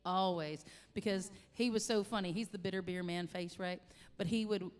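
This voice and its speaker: A woman in her forties talks in a low, smooth voice. She tells her story haltingly and from the heart, with many restarts. The recording carries a long, roomy reverb. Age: 40s. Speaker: singer-songwriter guest. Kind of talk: personal storytelling in conversation. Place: coffee shop. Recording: long reverb, echoey room.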